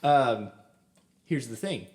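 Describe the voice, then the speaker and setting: A man's voice: medium pitch, animated, slow pace, darkish tone. A young man co-hosting a casual podcast about a film. He talks eagerly with many "um"s and laughs often. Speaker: podcast co-host.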